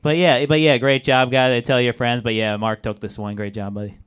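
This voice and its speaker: A man's voice: mid-range voice, little pitch movement, brisk, fairly bright tone, smooth. A man judging a roast battle, casual, swearing and laughing as he talks. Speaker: judge. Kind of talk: judging comedy.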